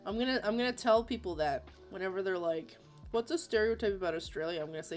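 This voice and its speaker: A woman's voice: mid-range voice, expressive, fairly quick, a little mellow, faint music behind. A woman in her thirties from Florida, chatting casually on a livestream while drawing, reading chat aloud and laughing often. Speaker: livestream artist host.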